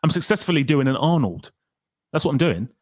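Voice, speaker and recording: A man's voice: on the high side, big pitch swings, a little fast, no echo. A man hosting a casual livestream, chatting and reading viewer comments aloud in a rambling way. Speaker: livestream host.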